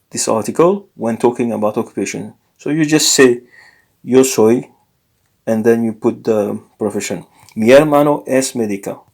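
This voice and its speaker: A man teaching a casual language lesson, explaining slowly with many fillers and self-corrections. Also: medium pitch, darkish tone.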